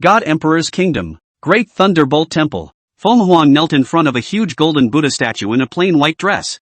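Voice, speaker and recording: A man narrating a fantasy comic recap in a dramatic, steady storytelling manner. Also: on the high side, normal speed, no room sound. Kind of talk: scripted narration.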